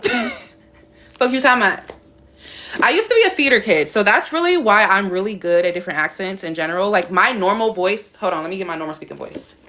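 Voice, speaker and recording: A woman's voice: medium pitch, animated, fast talker, hardly any pauses, pushed and bright. A young woman hosting a casual live-stream Q&A as a spiritual coach, talking bluntly and chatting with a laugh.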